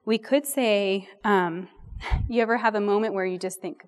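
A woman's voice: medium pitch, normal speed, clean tone. A middle-aged woman giving a chatty, self-deprecating Bible talk to a women's group, full of rambling asides. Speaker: women's ministry speaker. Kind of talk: sermon-style Bible teaching.

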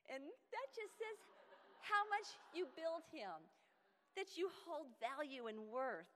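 A woman giving a sermon-style talk to other women, animated and often laughing, acting out quoted lines. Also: a little high, a little slow, in a large hall. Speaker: speaker at a women's gathering.

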